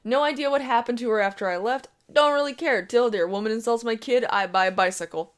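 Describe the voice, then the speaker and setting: A woman's voice: a little high, a little fast. A woman reading a first-person online story aloud in a brash, profane storytelling manner. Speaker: story reader.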